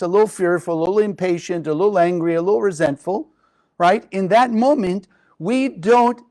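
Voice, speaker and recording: A man's voice: fairly high pitch, darkish tone, rough recording. A man teaching a spiritual lesson to a live group, talking expressively and often putting questions to his listeners.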